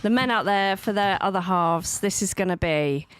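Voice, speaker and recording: Woman, radio co-host, chatty, coaxing listeners to bid, middle pitch. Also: moderate pace, a little hiss or hum. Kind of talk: casual radio chat.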